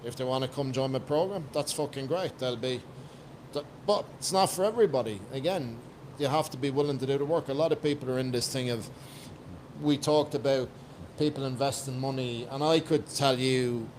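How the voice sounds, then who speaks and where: A man's voice: mid-range voice, fairly quick, darkish tone, slight background noise. Blunt, profane Irish man. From Ireland. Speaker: podcast guest, coach. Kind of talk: casual podcast chat.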